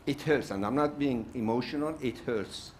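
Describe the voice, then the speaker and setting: A man's voice: mid-range voice, moderate pace, darkish tone, a little hiss or hum. An older man from South Africa speaking at a summit panel, outspoken and emphatic, repeating his points for force. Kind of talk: impassioned summit speech.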